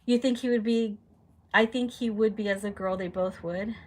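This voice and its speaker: A woman's voice: mid-range voice, moderate pace. A young adult woman casually hosting a live stream, chatting and reading out viewer comments. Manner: chatty, reads viewer comments aloud, animated reactions. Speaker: livestream host.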